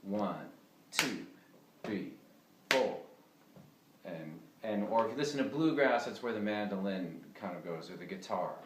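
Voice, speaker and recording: A man giving a casual fiddle lesson, talking in a relaxed, chatty way with lots of fillers. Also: on the low side, brisk, hardly any pauses, heavy background noise. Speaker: fiddle teacher. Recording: echoey room with fiddle playing.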